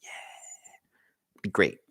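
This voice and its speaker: A man's voice: a little slow, sharp tone, no echo, studio quality. A man chatting on a casual livestream from his cold garage, rambling and joking at his own expense. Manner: rambling, jokey, self-mocking. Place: home garage.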